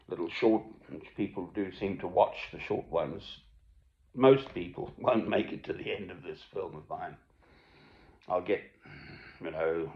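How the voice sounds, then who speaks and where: Gravelly older man, rambling. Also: low-pitched. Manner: musing, wandering, swings between loud and hushed. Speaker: self-made video speaker. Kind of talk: rambling personal monologue. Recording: echoey room, tinny phone-like sound.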